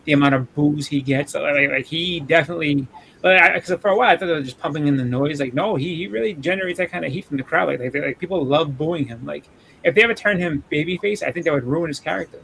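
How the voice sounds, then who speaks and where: A man chatting casually about wrestling, halting and full of restarts. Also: on the high side, vocal fry, a bit bright, slight background noise, poor audio. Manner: halting, many restarts and fillers. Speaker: podcast co-host.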